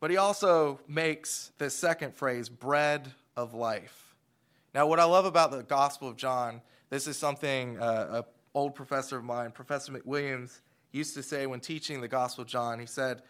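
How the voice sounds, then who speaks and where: A man in his thirties preaching a sermon, switching from hushed asides to loud, emphatic lines. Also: medium pitch, smooth. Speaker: pastor.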